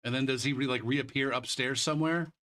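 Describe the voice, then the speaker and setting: A young man of medium pitch keeps a steady tone and speaks a little fast. During his casual kart racing stream, he swears and rants about losing, shouting in disbelief while watching the replay.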